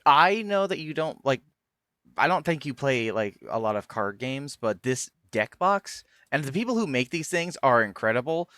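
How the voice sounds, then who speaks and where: Man, streamer, casual chat, enthusiastic, restarts sentences, smooth voice, dry close sound. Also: medium pitch, normal speed, no echo. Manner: relaxed, enthusiastic, stumbles and restarts.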